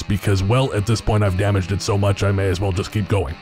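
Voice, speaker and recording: A man co-hosting a podcast in casual banter, jokey and quick to laugh. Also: fairly low pitch, fairly even intonation, a little mellow, soft background music. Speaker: podcast co-host.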